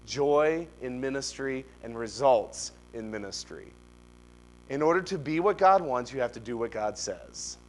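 A man's voice: mid-range voice, lively intonation, a little slow. A middle-aged man preaching a sermon as pastor, telling stories and pushing emphatic rising questions.

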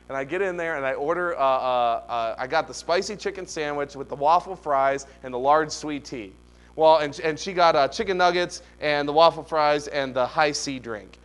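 Animated male pastor preaching a sermon. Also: a little high, brisk, clean tone. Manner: animated storytelling with rising emphatic questions.

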